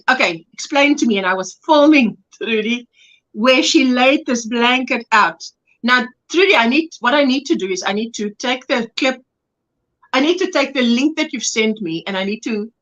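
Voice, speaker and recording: Bright, chatty woman host. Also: on the high side, poor audio. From South Africa. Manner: chatty, affectionate, greets viewers by name. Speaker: crochet livestream host. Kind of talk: casual livestream chat.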